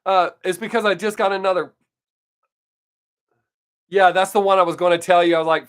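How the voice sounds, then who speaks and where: Talking on his live stream at home, an older man tells stories bluntly and swears a lot. He speaks briskly but pauses often, his high voice steady, clear and resonant.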